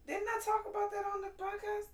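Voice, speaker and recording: A woman co-hosting a podcast, chatting casually and telling stories in an animated way. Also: very high voice, fairly quick, reverberant, recorded from a distance, a crowd in the background, poor audio. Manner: animated storyteller, laughs often. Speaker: podcast co-host. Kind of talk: casual chat.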